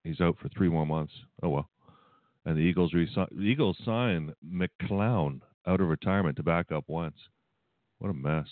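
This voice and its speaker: A man's voice: low-pitched, moderate pace, no echo, phone-quality sound. A man hosting a sports podcast, making wry, dry remarks between clips. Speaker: guest podcast host. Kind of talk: casual podcast talk.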